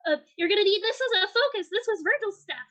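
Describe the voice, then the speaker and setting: A jittery little creature clerk, as a woman puts him on, hesitant and fretful about bending the rules. His voice is high and bright, and he hurries his words out. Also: animated, fast, exaggerated voice. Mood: earnest. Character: small nervous male office clerk creature.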